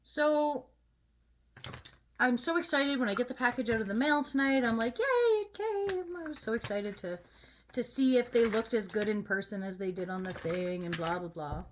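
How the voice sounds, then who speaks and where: A woman's voice: mid-range voice, fairly even intonation, normal speed, slight background noise. A woman vlogger chatting casually while she gets ready, venting in a candid and emphatic way.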